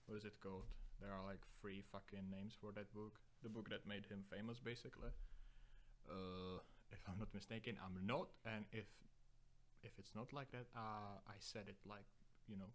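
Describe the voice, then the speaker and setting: A man's voice: on the low side, steady tone, normal speed. A young man hosting a solo podcast, rambling through profane, self-deprecating digressions. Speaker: podcast host.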